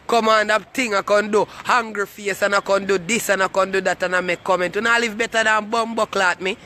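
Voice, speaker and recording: Brash high-voiced Jamaican man ranting. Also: steady tone, a little fast, sharp tone. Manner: brash, swaggering, crude and taunting. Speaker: comic vlogger. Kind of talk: boastful comic rant to camera.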